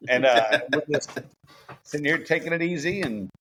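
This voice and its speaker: A man's voice: fairly high pitch, animated, normal speed, a bit bright, slight background noise. A man co-hosting a podcast in casual chat, laid-back and teasing, talking from a garage bar at home.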